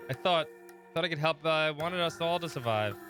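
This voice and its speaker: Bright-voiced man streaming a game. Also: fairly high pitch, expressive, a little fast. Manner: laughing, reading dialogue aloud. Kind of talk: co-op game playthrough, reading aloud. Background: game music.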